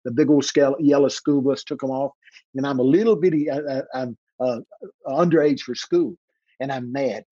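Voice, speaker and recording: This Texas minister, in his 80s, gives an interview full of vivid personal stories, acting out voices and slowing down to stress key moments. He speaks with a mid-range, warm, husky voice. There's no room sound, and the highs are cut off.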